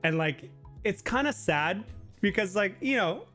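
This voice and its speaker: A man's voice: lively intonation, measured pace, sharp tone, faint music behind. Chatty man hosting a live Q&A. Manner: chatty, lots of "like" fillers, mimics others in high voice. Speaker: livestream host. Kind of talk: casual live Q&A chat.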